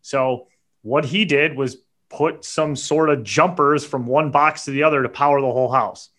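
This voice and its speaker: A man, co-hosting a podcast and telling a story in a casual, animated, profane way. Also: medium pitch, moderate pace. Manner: animated, profane, builds to indignant outbursts. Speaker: podcast co-host.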